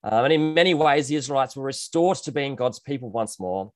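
A man preaching a sermon to his church over a video call, gentle and earnest, with frequent ums and restarts. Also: medium pitch, expressive, brisk, dry recording. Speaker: pastor.

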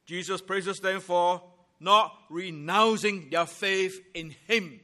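A man preaching a sermon as pastor, emphatic and deliberate, building points in rhythmic groups of three. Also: high voice, bright, forceful tone.

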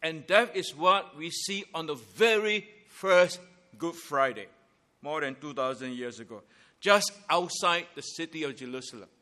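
A man preaching a Good Friday sermon in an emphatic, deliberate way, stressing his key phrases. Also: a little high, pushed and bright.

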